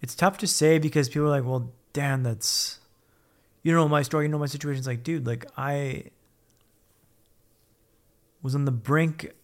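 A man's voice: fairly high pitch, fairly even intonation, normal speed, long pauses. A man telling his own story as a podcast guest, blunt and upbeat, swearing freely. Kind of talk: casual candid storytelling.

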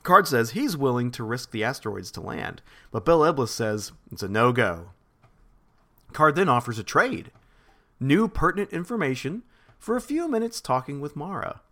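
A man's voice: medium pitch, sing-song, normal speed, fairly bright tone. A man co-hosting a podcast, recapping chapters in a rambling, laughing chat. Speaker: podcast co-host.

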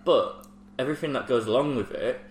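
A man's voice: medium pitch, brisk, a little hiss or hum. A man co-hosting a casual podcast chat, supportive and fond of drawing comparisons. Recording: roomy echo, faint background.

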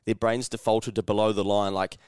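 A man's voice: on the low side, level tone, a little fast, darkish tone, clean tone, no echo, studio quality. A man with a New Zealand accent co-hosting a podcast, telling stories in casual chat, swearing freely and acting out other people's voices. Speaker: podcast co-host.

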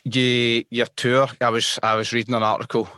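A man's voice: mid-range voice, level tone, moderate pace, sharp tone, smooth, dry recording, clean studio sound. A Scottish man hosting a live podcast, asking questions in an enthusiastic, chatty way. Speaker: podcast host.

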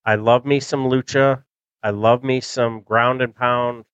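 A man's voice: medium pitch, steady tone, unhurried, fairly bright tone, smooth, no room sound, dull audio. A middle-aged man hosting a podcast in casual chat, rambling and nostalgic with many fillers, close to the mic. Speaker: podcast host.

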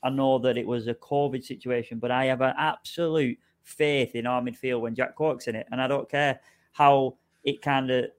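A man with a mid-pitched voice co-hosts a casual football podcast. He talks bluntly and with strong opinions. He swears freely. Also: fairly even intonation, normal speed. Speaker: podcast co-host.

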